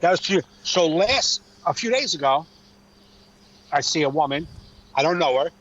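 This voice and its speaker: A man's voice: a little high, lively intonation, moderate pace, a bit bright, dull audio. A man hosting a podcast, telling a story in a casual, profane and mocking way. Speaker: podcast host, comedian.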